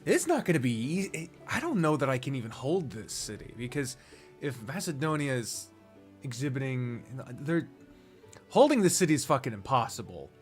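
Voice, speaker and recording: A man streams a strategy game with casual live commentary, chatting, swearing freely and wandering from topic to topic. His voice is medium in pitch with big swings, at a moderate pace, and faint music plays behind him.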